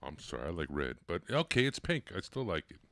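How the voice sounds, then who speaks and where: A man's voice: deep voice, very animated, brisk, a bit bright. A man co-hosting a live call-in stream, trading crude, laughing jokes in casual profane banter. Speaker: co-host.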